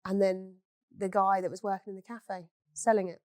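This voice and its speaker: A woman's voice: mid-range voice, level tone, normal speed, darkish tone, no room sound. A woman, a beauty business owner, telling stories in a candid chat and swearing freely. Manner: blunt, swears freely, storytelling.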